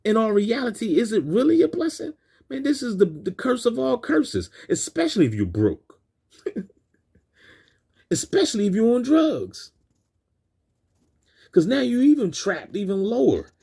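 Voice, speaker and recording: A man's voice: extremely high pitch, huge pitch swings, a little slow, creaky, pauses often, warm tone, slightly rough. A man hosting a video who rants in preachy street slang over film clips, repeating himself and keeping up a string of restarts. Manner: repetitive, stumbling restarts. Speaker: video host.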